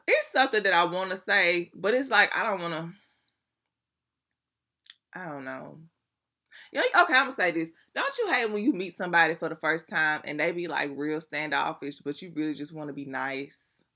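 A young adult woman talks straight to her audience in a loose vlog style. Her voice is bright and forward. She tells her stories animatedly, with plenty of slang and swearing. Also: deep voice. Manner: animated, profane, chatty slang-filled storytelling. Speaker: vlogger. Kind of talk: casual storytelling to viewers.

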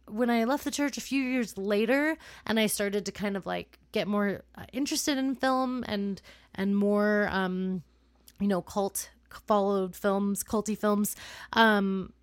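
A young woman co-hosting a podcast, chatting casually with many fillers and quick laughs. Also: medium pitch, dry recording. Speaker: podcast co-host. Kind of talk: casual chat.

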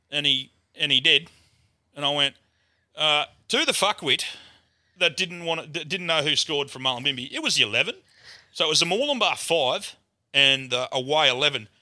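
A man's voice: fairly high pitch, animated, fairly quick, sharp tone, no echo, clean studio sound. An Australian man telling a rambling, swear-filled story as a guest on a casual podcast chat.

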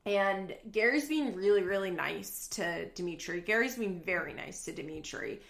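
A woman hosts a casual recap podcast, talking in a chatty, sarcastic way with frequent swearing. Her voice sits at a middle pitch and carries a roomy echo from the space around her. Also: animated, moderate pace, vocal fry, fairly bright tone. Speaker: podcast host.

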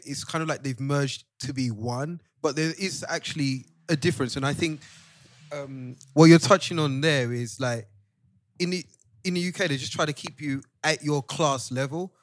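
A man's voice: medium pitch, no room sound, clean studio sound. Reflective man asking questions. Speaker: podcast co-host. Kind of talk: casual chat.

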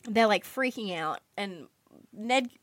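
A woman telling a dramatic story in casual podcast chat, animated, swearing and filling her talk with "like". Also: medium pitch, slow, dry recording. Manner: animated, swearing, many "like" fillers. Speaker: podcast co-host telling a true crime story.

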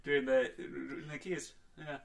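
A man co-hosting a podcast, adding details and recapping a story in a relaxed, chatty way. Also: medium pitch, takes it slowly, vocal fry, far from the mic. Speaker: podcast co-host. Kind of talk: casual chat. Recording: voice from a bit away from the mic.

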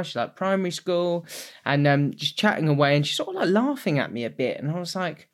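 A young man with a slightly higher voice, spinning a long story over casual podcast chat. He laughs easily and keeps the tale rolling with plenty of asides. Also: big pitch swings, quick pace. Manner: chatty anecdotal storytelling, laughs often. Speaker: podcast co-host.

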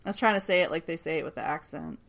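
A woman's voice: low voice, lively intonation, racing, fairly bright tone. A woman co-hosting a casual podcast, recapping a TV episode with lots of laughter and the odd swear word. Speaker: podcast co-host.

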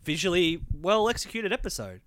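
Male podcast co-host, fairly high voice, chatty and profane, dry close sound. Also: big pitch swings, a little fast, fairly bright tone, no echo. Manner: chatty, swears, lots of fillers and agreeing yeahs. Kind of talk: casual TV recap chat.

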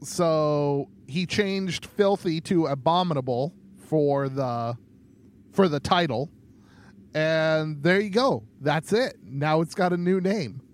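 A man co-hosting a casual podcast, talking in a halting way with many ums and restarts. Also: a little high. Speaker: podcast co-host.

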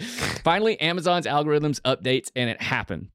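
Guy reading a story out on a comedy podcast, keeps cracking up, mid pitch, super dry close mic. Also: lively intonation, moderate pace, dry recording. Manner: chuckles through his reading. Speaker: podcast co-host.

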